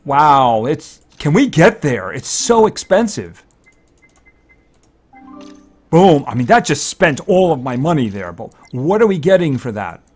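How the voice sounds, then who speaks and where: A man giving casual gameplay commentary, thinking aloud, excitable and fretting over each purchase. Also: medium pitch, normal speed, few pauses, breathy edge, faint music behind. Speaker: let's-play commentator.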